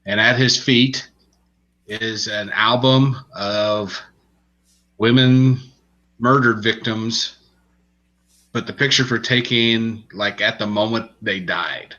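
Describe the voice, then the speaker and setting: A man with a low voice and a sharp, forward tone recaps a crime novel on a podcast in loose, rambling chat. The recording is muffled and lo-fi. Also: slow pace, pauses often. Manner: relaxed, rambling storytelling with restarts. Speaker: podcast co-host reviewing books. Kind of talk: casual chat.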